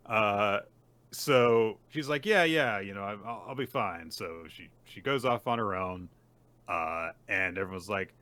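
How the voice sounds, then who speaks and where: A man with a low but bright, forward voice talks through a manga chapter on a podcast. He retells the scenes loosely, with lots of fillers, and slips into character lines as he goes. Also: animated, measured pace. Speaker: podcast co-host. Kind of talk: casual chat recapping a manga chapter.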